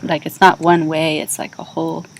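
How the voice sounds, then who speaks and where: A woman with a lowish voice talks as an herbalist guest in a relaxed, casual conversation. She is agreeable and often murmurs her assent while others speak. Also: normal speed, a crowd in the background, poor audio. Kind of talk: casual chat.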